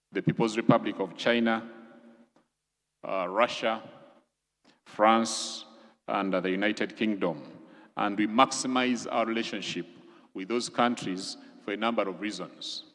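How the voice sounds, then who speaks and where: A man with a lowish voice gives a formal presentation in a large conference hall, where a long reverb trails after each phrase. He is from Uganda and speaks deliberately, walking listeners through one item after another. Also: a bit bright. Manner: measured, explanatory, lists items deliberately. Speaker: government official briefing legislators.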